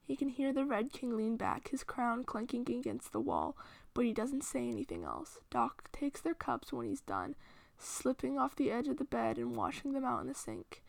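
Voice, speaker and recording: A woman reading fan fiction aloud in a steady, hushed storytelling voice. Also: on the high side, moderate pace, creaky, no echo. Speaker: reader.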